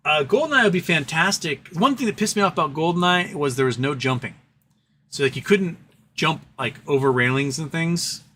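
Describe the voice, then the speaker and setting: A man's voice: fairly high pitch, lively intonation, brisk, pushed and bright, slight background noise. A man hosting a casual livestream, reading chat aloud and rambling between topics. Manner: rambling, reads chat aloud, baby-talks to his cat. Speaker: livestream host.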